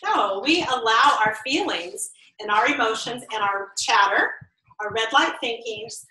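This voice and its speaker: Bright high-voiced woman trainer, roomy echo. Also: lively intonation, unhurried. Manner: upbeat, laughing, acts out text tones. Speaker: trainer leading a workshop. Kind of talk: interactive training talk. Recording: roomy echo, distant mic.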